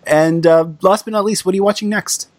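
A man's voice: high voice, fairly even intonation, fairly quick, dry recording. A man hosting a podcast, interviewing a guest in a conversational way with hesitant restarts. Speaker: podcast host. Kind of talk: casual interview.

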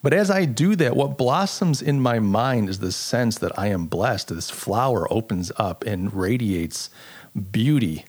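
A man's voice: fairly low pitch, expressive, measured pace, a little mellow, slightly rough. A middle-aged man hosting a solo podcast, talking in an earnest, reflective way and telling stories with frequent restarts. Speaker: podcast host. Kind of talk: casual solo podcast monologue.

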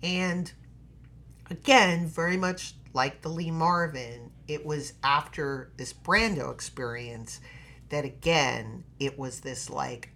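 A middle-aged woman with a low voice tells a story to a podcast host. She acts out each quote with drama and swings in loudness. Soft background noise sits under her voice. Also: slow. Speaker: guest, actress. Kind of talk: animated storytelling in a podcast interview.

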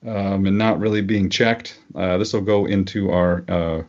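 A man with a fairly low voice chats through a political podcast segment. He rambles and circles back with many fillers. The audio is dull and lo-fi. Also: level tone, unhurried, a little mellow. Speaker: podcast co-host. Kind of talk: casual political podcast chat.

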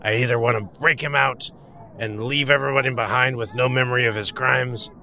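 A man's voice: medium pitch, steady tone, brisk, sharp tone, a little hiss or hum. A man playing a character in a tabletop role-playing game, with polite, wry in-character narration. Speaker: player.

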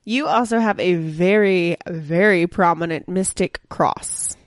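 A woman's voice: lowish voice, measured pace, dry recording. A woman co-hosting a podcast, chatting casually and laughing often as she reads a friend's palm. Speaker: podcast co-host. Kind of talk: casual chat, reading a palm.

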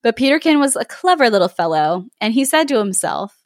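A woman podcast host reading a folk tale aloud, giggling and adding lively asides. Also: a little high, a little fast, dry recording, clean studio sound.

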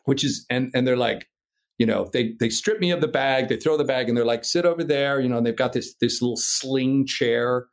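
A man's voice: medium pitch, moderate pace, creaky. An American man telling a story casually, swearing freely and acting out voices and sound effects. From United States. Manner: animated, profane, acts out voices and sound effects.

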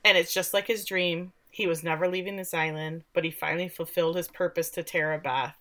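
A woman joins a casual podcast chat about a TV episode, joking and laughing between points. Her voice is bright and a little low for a woman. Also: steady tone, brisk. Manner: chatty, joking, laughs often. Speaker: podcast co-host.

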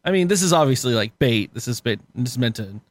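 A man's voice: mid-range voice, lively intonation, fast talker, dry recording. A man co-hosting a casual podcast chat, swearing freely, laughing often and rambling. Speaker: podcast co-host.

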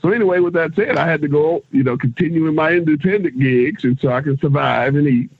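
A middle-aged man, a former pro wrestler, telling road stories as an interview guest in a loose, animated way. He acts out what others said and swears casually. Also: on the high side, fast talker, breathy edge, no echo. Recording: tinny phone-line sound.

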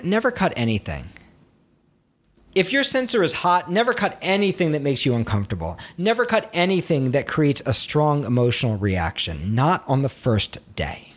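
A man's voice: on the high side, husky. A man teaching screenwriting, talking expressively and acting out an inner critic's voice now and then. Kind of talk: instructional talk to camera.

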